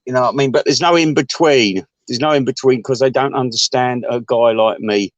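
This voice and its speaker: A man chatting to his viewers in a rambling, sweary way, chuckling often and jumping his voice up high. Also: fairly quick, no echo, highs cut off. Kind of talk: casual rambling chat.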